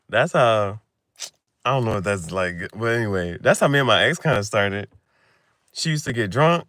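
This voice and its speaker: A man's voice: lowish voice, lively intonation, normal speed, dry recording. Slangy young man, loose late-night chat. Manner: loose slangy talk, laughs often, swings from loud to mumbled. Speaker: vlogger.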